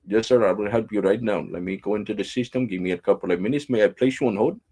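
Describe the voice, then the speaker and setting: A man's voice: lowish voice, fast, dark tone, slightly rough. A man voicing a polite male call-center agent with an imitated Indian English accent, formal and apologetic, saying "sir" often. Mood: helpful.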